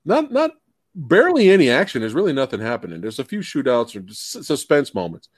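A man hosting a live movie chat, casual and animated, acting out his reactions and swearing freely over a video call. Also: mid-range voice, a little fast, slightly rough, dry recording, clean studio sound. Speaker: live stream host.

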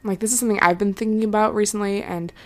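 A woman's voice: mid-range voice, steady tone, racing, darkish tone. Chatty young woman podcaster. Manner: chatty, full of "like", trailing off; earnest, reassuring. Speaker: podcast host. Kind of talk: casual solo podcast chat.

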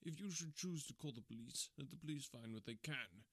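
A man's voice: medium pitch, fairly quick, fairly bright tone, no room sound, close to an everyday voice. A man reading the part of a proud, sullen young man who coldly defies his father in an audiobook. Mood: defiant. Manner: cold and defiant.

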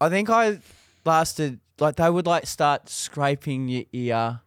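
A man co-hosting a podcast, chatting casually, telling animated stories and swearing freely. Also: on the high side, takes it slowly, clean tone, no room sound, studio quality. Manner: animated storyteller, swears freely, acts out quotes loudly. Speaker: podcast co-host. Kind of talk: casual chat.

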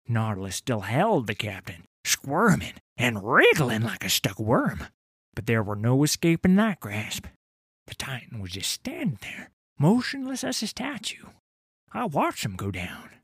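An actor playing a grizzled, boastful old sailor telling a tale in a tavern, in rough dockside dialect that drops to whispers and rises to roars. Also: male voice, medium pitch, fairly bright tone, no room sound, studio quality, full character voice. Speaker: tavern storyteller. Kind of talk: dramatic audio story narration.

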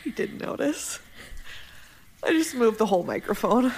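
A woman's voice: fairly high pitch, very animated, moderate pace, creaky, darkish tone, a little hiss or hum, poor audio. A woman hosting a podcast, chiming in with playful, teasing asides. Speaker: podcast host. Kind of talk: casual chat.

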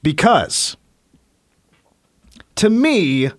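A man's voice: sits high, very animated, drawn-out words. A man from Kansas hosting a sports radio show, joking and opinionated as he counts down a list. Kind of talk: casual sports talk.

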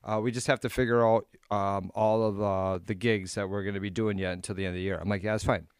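A man's voice: fairly low pitch, fairly even intonation, fast, clean tone, no echo, studio quality. A man with an Upper Midwest American accent co-hosting a podcast, telling stories in a rambling way with many fillers. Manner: rambling storytelling with many fillers, acts out quotes. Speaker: podcast co-host and DJ. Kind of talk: casual chat.

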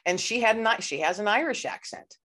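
A woman's voice: mid-range voice, lively intonation, fairly quick, a bit bright. A woman hosting a podcast interview, talking in a chatty, rambling way with many "you know"s. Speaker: podcast host. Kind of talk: casual conversational interview.

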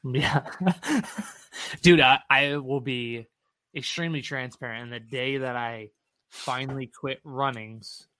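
On a casual podcast about real estate, a co-host talks slowly in a mid-range voice, recorded dry. He's lively and candid, playing out his former self and cursing freely.

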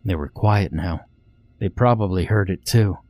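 A man reading a first-person horror story in a measured, tense way. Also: low voice, a little mellow, dry recording. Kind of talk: scripted first-person narration. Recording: faint music underneath.

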